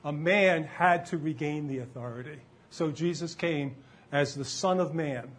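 Higher-voiced man preaching a conversational sermon. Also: measured pace. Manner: conversational, quizzes the congregation with questions. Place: church before a live congregation.

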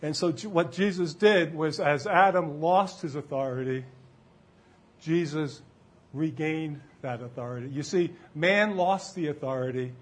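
Higher-voiced man preaching a conversational sermon. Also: unhurried. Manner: conversational, quizzes the congregation with questions. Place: church before a live congregation.

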